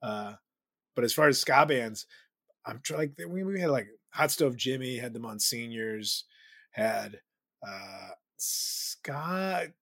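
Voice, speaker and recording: A comedian from the Chicago suburbs, chatting as a podcast guest in a rambling, laughing, self-deprecating way. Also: male voice, mid-range voice, expressive, slow pace, gravelly, fairly bright tone, dry recording, clean studio sound. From Chicago suburbs, USA. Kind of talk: casual storytelling chat.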